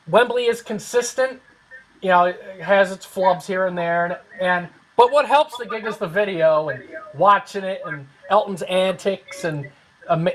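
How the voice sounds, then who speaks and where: High-voiced man hosting a hedging chat. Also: a little hiss or hum, low-quality recording. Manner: rambling, hedging with fillers. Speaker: host. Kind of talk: casual online panel chat.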